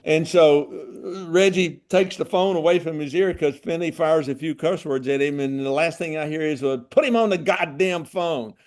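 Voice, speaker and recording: An older man with a slightly raised voice recalls his playing days in relaxed, folksy chat. He chuckles through his stories and talks like an old ballplayer among friends. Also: a little high, normal speed, hardly any pauses. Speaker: former ballplayer telling stories. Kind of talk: casual storytelling chat.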